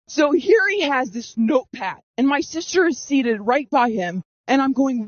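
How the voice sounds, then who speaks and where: A woman's voice: sits high, expressive, moderate pace, no echo. A woman around thirty telling her own story in earnest, dramatic fashion, re-enacting her past reactions, through a voice masking filter. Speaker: storyteller giving personal testimony. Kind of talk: first-person storytelling. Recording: dull, dry, masked voice recording.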